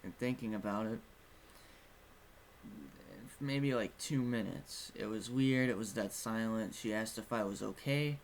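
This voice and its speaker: A man's voice: fairly low pitch, unhurried, long pauses, slight background noise. A young man telling a personal story in a casual vlog, rambling and frank, swearing now and then. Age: young adult. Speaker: vlogger.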